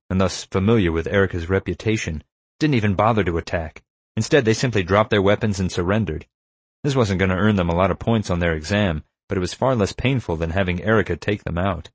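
A man with a deep, low voice reads an audiobook in a wry, measured way. The recording is close and dry, with no room sound. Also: slightly rough, no echo. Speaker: narrator. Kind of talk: audiobook narration.

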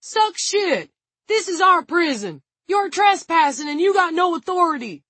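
A woman voicing a crude, hostile male gunman who yells defiance, in a storybook reading. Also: big pitch swings, measured pace, no room sound, exaggerated voice. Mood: defiant yelling. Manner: shrill defiant yelling.

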